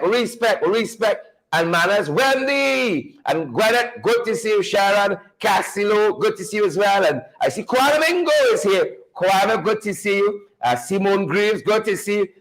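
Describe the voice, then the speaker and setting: Guyanese male host, high-pitched and very animated, calls out viewers one by one. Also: poor audio. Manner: animated, playful, repeats phrases for emphasis. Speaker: livestream show host. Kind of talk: lively livestream welcome, greeting viewers by name.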